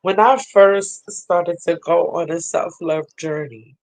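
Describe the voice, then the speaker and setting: A woman spiritual reader talking straight to her viewers at a slow, unhurried pace. She speaks earnestly and tells her story as she goes, laughing often along the way. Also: on the low side, steady tone, darkish tone, poor audio. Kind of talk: casual spiritual vlog talk.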